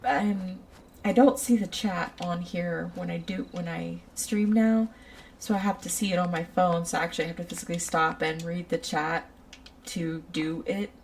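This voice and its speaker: A woman's voice: lowish voice, steady tone, normal speed, creaky, distant mic, slight background noise, low-quality recording. A woman chatting casually on a livestream, rambling off on tangents and talking straight to her viewers. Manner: talks straight to chat viewers. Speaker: streamer.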